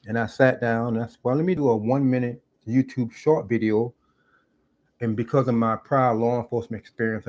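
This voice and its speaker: A man's voice: fairly low pitch, a little mellow. A middle-aged man, a former police officer, talking earnestly in a reflective monologue and repeating phrases for emphasis. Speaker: YouTube commentator. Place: parked car.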